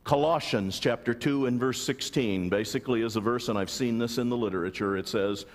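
Pastor, male, mid-pitched, preaching in a reverberant church hall, checking in with the congregation often. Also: brisk. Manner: asks the congregation frequent rhetorical questions. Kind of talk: sermon. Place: large church sanctuary.

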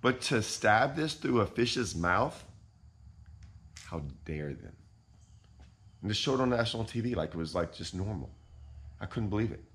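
A man hosting a fishing channel, ranting in deadpan, mock-outraged irony and repeating himself. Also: lowish voice, moderate pace, long pauses. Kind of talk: sarcastic vlog rant.

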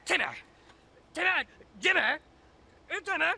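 An actor voicing an excitable young cartoon boy who keeps shouting the same one or two words. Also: very high-pitched, moderate pace, creaky, exaggerated voice. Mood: excited. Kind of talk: animated TV cartoon acting.

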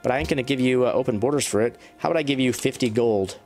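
A man at a mid-range pitch chatting through a strategy game session, bantering with his units as if they could hear him. His voice jumps up sharply whenever something excites him. Faint game music plays underneath. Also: quick pace. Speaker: let's play gamer. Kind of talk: casual gameplay commentary.

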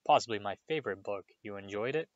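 A man voicing a vain, pompous wizard teacher who boasts and talks down with a showy warmth. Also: lowish voice, fast talker, dry recording, highs cut off, close to an everyday voice. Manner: pompous, showy, self-satisfied.

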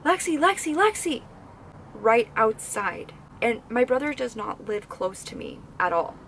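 A young woman vlogger casually telling stories to the camera, animated and swearing freely. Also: fairly high pitch, measured pace, creaky, slight background noise. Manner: animated, swears freely while recounting scary events.

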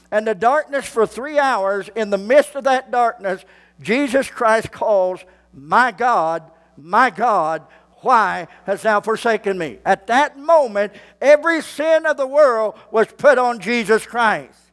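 A male pastor, preaching a sermon slowly and building to fervent shouts. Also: extremely high pitch, expressive.

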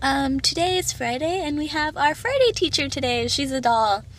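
A woman's voice: sits high, animated, normal speed, a bit bright, slight background noise. A young woman chatting casually in a vlog, bubbly and full of filler words, stuffy from allergies. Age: young adult. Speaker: vlogger. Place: car and home, phone vlogging.

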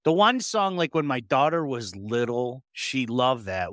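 A middle-aged man co-hosting a sports talk show, in animated, joking casual chat with frequent restarts. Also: medium pitch, a little slow, no room sound, studio quality.

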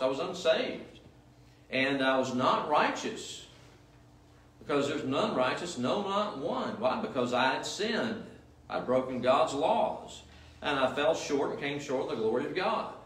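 A male pastor with a slightly high, fairly bright voice preaches a sermon in church. His style is emphatic and repetitive, packed with rhetorical questions. The mic sits at a distance in an echoey room.

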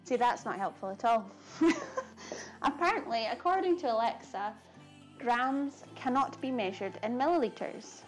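A Scottish woman with a slightly high voice chats away as she cooks in her home kitchen, laughing easily and answering viewers' comments. Faint music plays softly behind her. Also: animated, a little slow. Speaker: cooking streamer. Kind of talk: casual live-stream chat while cooking.

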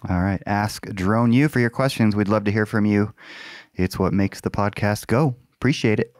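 A man co-hosting a podcast, talking in a mellow way with dry jokes. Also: fairly low pitch, moderate pace, no room sound. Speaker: podcast co-host. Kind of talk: casual podcast chat.

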